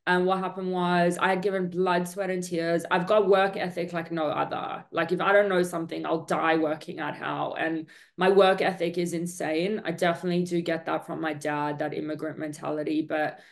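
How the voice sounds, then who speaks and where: A woman's voice: lowish voice, little pitch movement, moderate pace, creaky, few pauses. A woman guest telling her story in an interview, in an earnest, talkative way with many fillers. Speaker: entrepreneur guest.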